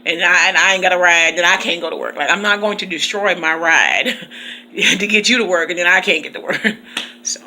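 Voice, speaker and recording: A woman's voice: lowish voice, fairly quick, sharp tone, a little hiss or hum. A woman teacher from Michigan, chatting casually in her car and laughing often. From Michigan, USA. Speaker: teacher and vlogger. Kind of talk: casual chat.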